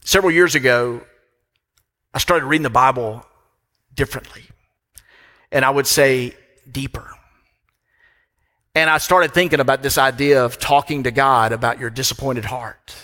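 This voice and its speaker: A man's voice: mid-range voice, moderate pace, pauses often, bright, forceful tone. A middle-aged man preaching a sermon from a church pulpit, emphatic and repeating phrases for weight. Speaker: pastor. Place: church sanctuary. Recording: long reverb of a church hall.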